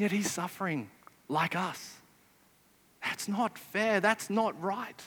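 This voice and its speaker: A man's voice: high-pitched, takes it slowly, long pauses, fairly bright tone, big-room sound. A man preaching a sermon, emphatic and often putting rhetorical questions to his listeners. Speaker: pastor.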